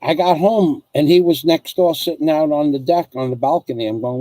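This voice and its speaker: A man's voice: mid-range voice, normal speed, few pauses, mellow, no room sound. Rambling middle-aged man with a dry voice. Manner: rambling, repeats himself while telling stories. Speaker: host reading viewer comments. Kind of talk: casual storytelling chat.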